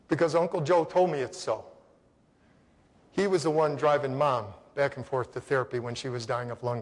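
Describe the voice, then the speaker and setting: A man from Connecticut giving an animated storytelling keynote, speaking straight to the audience and acting out the people in his story. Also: fairly high pitch. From Connecticut, USA. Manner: animated, acts out voices, addresses the audience directly. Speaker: motivational speaker. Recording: long reverb of a large hall.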